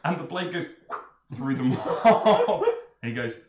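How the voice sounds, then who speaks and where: A man's voice: fairly high pitch, big pitch swings, slow pace, highs cut off, heavy background noise. Guy running a tabletop game, voice goes up and down a lot, echoey room. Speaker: game master.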